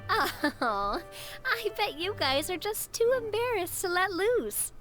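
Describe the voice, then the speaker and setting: A woman's voice: very high-pitched, animated, slow, fairly bright tone, soft background music, exaggerated voice. A woman voicing a cheerful, sociable young woman in a video game, friendly and bubbly in manner. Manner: bubbly, friendly, calls others partner.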